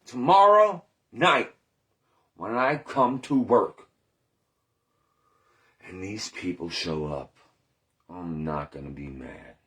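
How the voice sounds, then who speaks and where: A man's voice: low voice, slow, long pauses, fairly bright tone. A man in recovery telling his story in a candid, rambling monologue, swearing often and questioning himself aloud. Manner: rambling, profane, self-questioning.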